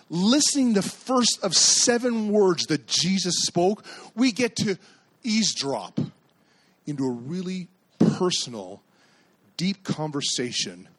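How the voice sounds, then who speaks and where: A male pastor from Canada preaching a sermon, telling stories and acting out the voices in them, and shouting at the high points. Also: slightly rough. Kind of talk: sermon with storytelling.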